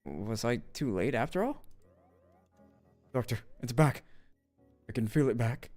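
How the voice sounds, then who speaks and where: Man voicing a scared android patient, halting questions, lively pitch, faint music. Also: natural voice. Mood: frightened. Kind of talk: game voice acting.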